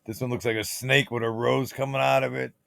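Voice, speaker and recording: Male channel host, conspiratorial and swearing, gravelly tone, mid-pitched. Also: flat delivery, fairly quick, fairly bright tone, dry recording. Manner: rambling, profane, conspiratorial. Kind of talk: casual screen-share commentary.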